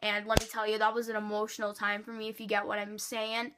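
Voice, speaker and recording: A woman vlogger telling a storytime in an animated way, swearing freely and acting out quotes. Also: medium pitch, fast talker. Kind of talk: storytime vlog.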